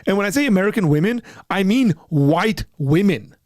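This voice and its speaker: In a high, animated, darkish voice at a moderate pace, a call-in apologetics panel host shares a personal story on a clean, dry studio recording. He's conversational and emphatic, his voice climbing sharply when heated, and he voices both parties in recalled exchanges.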